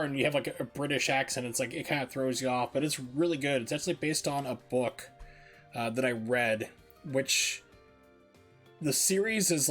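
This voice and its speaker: A man's voice: medium pitch, fairly bright tone. A man streaming a speedrun, chatting casually and rambling with lots of fillers. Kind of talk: casual chat while gaming.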